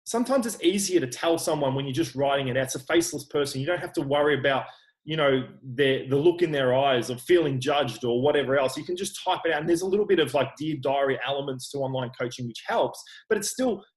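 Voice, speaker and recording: An Australian online personal trainer, appearing as a guest in a casual interview, talks frankly and earnestly with a mid-range voice at a quick pace. He often restarts his sentences, and the recording is rough.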